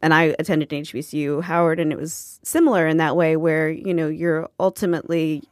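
Woman host, deep for a woman, measured and explanatory, dry studio sound. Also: fairly even intonation, a little mellow, dry recording. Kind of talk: conversational news discussion.

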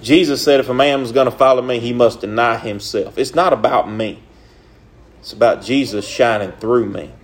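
A man's voice: medium pitch, moderate pace. A young man preaching a sermon in an earnest, repetitive way, with folksy, casual grammar.

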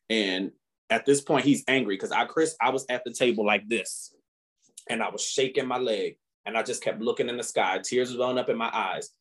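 A man co-hosting a podcast, chatting casually and telling stories animatedly, often laughing and rising in pitch when indignant. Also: brisk, slightly rough. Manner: animated storytelling with frequent laughter. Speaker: podcast co-host. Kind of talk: casual chat.

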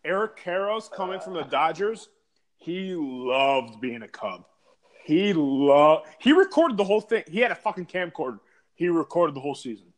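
A man's voice: a little high, normal speed. Rambling, profane man telling stories. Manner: rambling, profane, animated storytelling. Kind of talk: casual chat.

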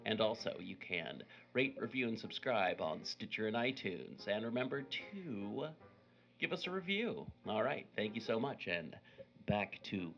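A man's voice: on the low side, lively intonation, measured pace, gravelly, fairly bright tone, highs cut off. A man hosting a podcast, theatrical and jokey as he greets listeners and reads announcements. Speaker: podcast host. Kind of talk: casual podcast chat.

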